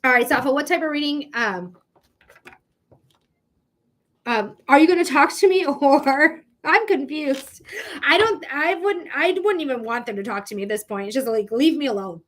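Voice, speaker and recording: High-pitched woman, casual livestream tarot host, emphatic and a bit profane. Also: animated, normal speed, fairly bright tone. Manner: chatty, emphatic, swears casually. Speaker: psychic reader, livestream host. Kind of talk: live tarot reading, casual chat.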